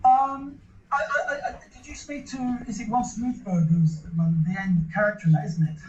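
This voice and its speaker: A man's voice: high voice, steady tone, normal speed. A man being interviewed, telling a long story casually, with lots of restarts and repeated words. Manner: rambling storyteller with many restarts. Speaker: interview guest. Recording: echoey room, lo-fi.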